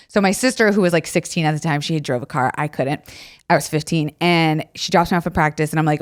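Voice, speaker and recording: Foul-mouthed woman telling a lively story. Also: fairly low pitch, brisk. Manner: animated storyteller, swears freely, shouts in re-enactments. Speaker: podcast co-host. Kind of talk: casual podcast chat.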